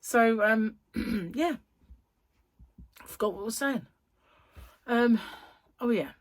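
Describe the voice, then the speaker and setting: A woman chatting casually to her viewers from home, a bit croaky and tired, rambling and correcting herself as she goes. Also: a little high, takes it slowly, no echo. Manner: rambling, chatty, self-interrupting. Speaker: crochet vlogger. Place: at home, indoors.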